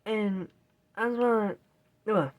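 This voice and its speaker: Slowly and in a medium-pitched voice, a woman vlogger recounts a long story while playing a game. She rambles, sounds exasperated, and quotes her own reactions along the way.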